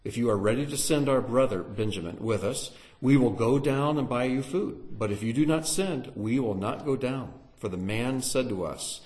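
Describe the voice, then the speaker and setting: A man teaching through a Bible passage in an animated, dramatic sermon style, sometimes acting out the characters. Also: mid-range voice, normal speed, few pauses. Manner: animated, dramatic, acts out voices.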